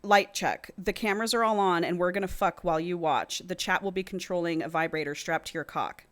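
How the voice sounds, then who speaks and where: A woman reading the lines of a bossy, teasing young woman from a book, in her own low voice. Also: brisk, a bit bright, lightly acted. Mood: commanding teasing. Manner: teasing, commanding.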